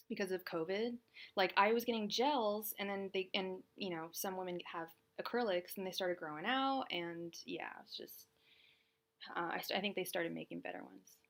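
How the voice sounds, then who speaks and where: Chatty gravelly-voiced woman tarot reader. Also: medium pitch. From California. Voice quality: slightly gravelly voice. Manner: chatty, rambling, many fillers and restarts. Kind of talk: live-stream tarot reading and chat.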